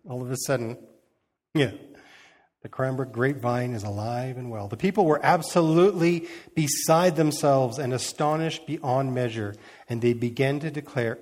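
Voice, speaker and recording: A man's voice: medium pitch, normal speed, a little mellow. A man giving an informal sermon, reading scripture and retelling it in a conversational way, acting out the quotes and chuckling as he goes. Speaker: preacher.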